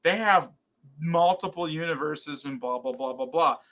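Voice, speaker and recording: A man co-hosting a podcast in casual chat, rambling and animated, with many fillers and restarts. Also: fairly high pitch, normal speed. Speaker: podcast co-host.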